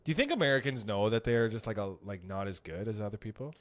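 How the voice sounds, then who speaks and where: A man's voice: lowish voice, quick pace, no echo. A man co-hosting a podcast in casual chat, telling stories and jumping into quoted voices. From Canada. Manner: animated storyteller, slips into quoted voices. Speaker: podcast co-host.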